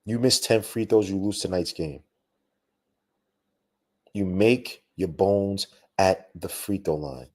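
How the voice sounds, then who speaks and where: A young man hosting a live post-game basketball podcast, talking in an animated, slangy, ranting way with lots of asides. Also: sits low, slow pace, long pauses. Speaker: podcast host.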